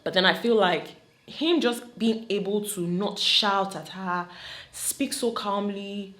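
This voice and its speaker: A woman with a Nigerian accent gives animated, opinionated commentary, slipping into Pidgin now and then. Her voice sits at a middle pitch. The recording has a roomy echo. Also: slow pace. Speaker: vlogger reacting to a reality show.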